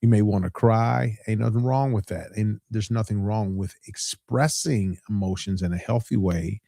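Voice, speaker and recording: With a fairly low, creaky yet mellow voice at normal speed, a middle-aged pastor talks on his podcast in clean studio sound with no room sound. His casual preaching unfolds as a story, with points repeated for emphasis.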